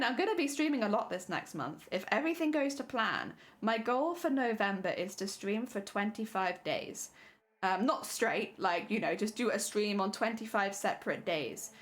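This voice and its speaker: A woman's voice: mid-range voice, lively intonation, normal speed. A young British woman chatting casually with her viewers during a craft stream, laughing often. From Britain.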